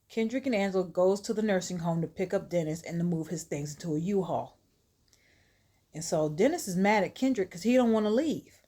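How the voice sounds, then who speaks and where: A woman's voice: on the low side, dark tone. Chatty woman telling a story. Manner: chatty, laughs often, asides to viewers. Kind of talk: casual spoken storytelling.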